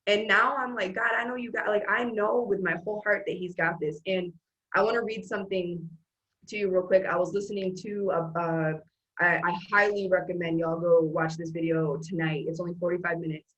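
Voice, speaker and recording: A woman's voice: on the low side, steady tone, a little fast, fairly bright tone, muffled recording. A woman hosting an earnest, emphatic motivational faith talk. She rambles with restarts. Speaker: host.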